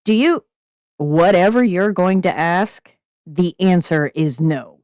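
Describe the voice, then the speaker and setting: A woman's voice: on the low side, takes it slowly, a little mellow, no room sound, clean studio sound. A woman reading a story aloud, voicing a sheepish, teasing young man who dodges questions.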